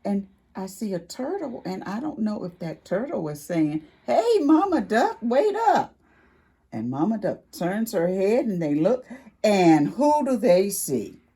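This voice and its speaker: A woman reading a picture book aloud at a library storytime for preschoolers, animated, with gasps and whispered asides to the children. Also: medium pitch, unhurried, breathy edge.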